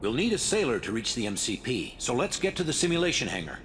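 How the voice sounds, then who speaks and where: An actor playing an earnest digital program hero in a video game, speaking steadily. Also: male voice, medium pitch, sing-song, fast, background noise, natural voice.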